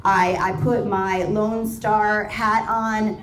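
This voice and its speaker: A woman's voice: mid-range voice, little pitch movement, slow pace, a little hiss or hum. A woman from New York speaking as a panel guest at a live event, talking in a passionate, rallying way and swearing freely. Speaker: panel guest, cannabis company co-founder. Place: event stage before a live audience. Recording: echoey event space, distant mic, crowd.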